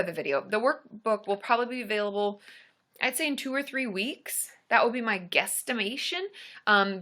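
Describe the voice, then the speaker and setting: A young woman with a bright, clear-edged voice chats through a live-stream Q&A as a therapist. She is bubbly and talkative, cheering viewers by name between her answers. The tone is casual and friendly throughout. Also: medium pitch.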